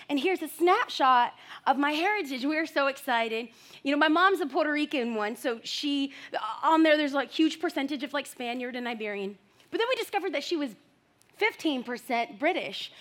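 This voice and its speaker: Young woman preaching, high bright voice, gets loud and excited telling stories. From United States. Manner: animated storytelling, bursts of loud excited shouting. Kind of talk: sermon.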